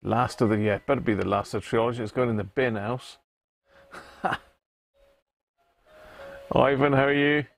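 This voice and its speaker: A man's voice: mid-range voice, steady tone, moderate pace, gravelly, long pauses. A man hosting a casual livestream, chatting with viewers and greeting them by name, laughing often. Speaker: livestream host. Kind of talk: casual live chat with viewers.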